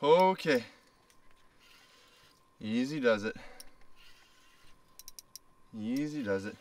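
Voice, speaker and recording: A young man vlogging while ice fishing in a small flip-up shelter. He talks casually and swears freely, breaking into loud excited exclamations. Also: mid-range voice, drawn-out words, gravelly.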